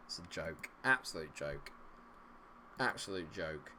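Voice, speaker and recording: A man giving running commentary as a streamer, exasperated and muttering, with loud outbursts. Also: low-pitched, moderate pace, a little hiss or hum. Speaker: gaming streamer. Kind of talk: live game commentary.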